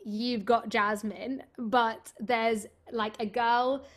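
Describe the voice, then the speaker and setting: A young woman, a stage actress, telling a story in a casual interview, chatty and animated, full of filler words. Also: a little high, slow.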